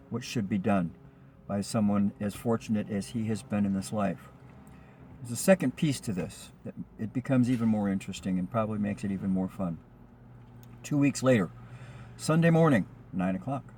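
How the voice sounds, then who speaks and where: A man's voice: medium pitch, a little mellow, slight background noise. A man, a rideshare driver, telling a personal anecdote in a rambling, chatty way with frequent ums and restarts. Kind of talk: casual spoken anecdote.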